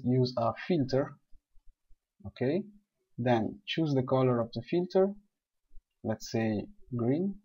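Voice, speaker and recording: A man calmly explaining software steps one by one in a screen-recorded tutorial. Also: mid-range voice. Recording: dull lo-fi voice recording.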